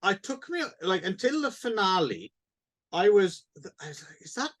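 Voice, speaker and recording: A man with a slightly raised voice co-hosts a casual film podcast. He thinks out loud and ponders each point, often restarting his sentences. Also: sits high, big pitch swings, normal speed. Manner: thoughtful, musing, with hesitant restarts. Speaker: podcast co-host.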